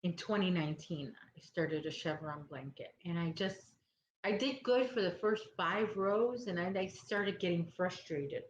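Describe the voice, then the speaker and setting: Brief: woman, crochet-stream host, lowish voice, rambling and sleepy, roomy dull recording with faint hiss. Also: normal speed. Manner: rambling, chatty, loses her train of thought. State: sleepy, yawning. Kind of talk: casual chat with live viewers.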